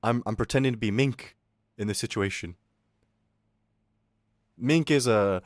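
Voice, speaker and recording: A male streamer chatting casually with his viewers, swinging from loud outbursts to low mutters and swearing freely. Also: a little slow, pauses often, no echo, clean studio sound. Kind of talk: casual livestream chat with viewers.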